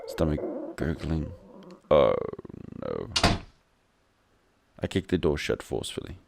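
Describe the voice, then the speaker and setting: Deep gravelly man reading a game aloud. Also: sing-song, takes it slowly, heavy background noise. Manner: wry, joking asides. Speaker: gameplay commentator. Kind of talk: reading a visual novel aloud with commentary.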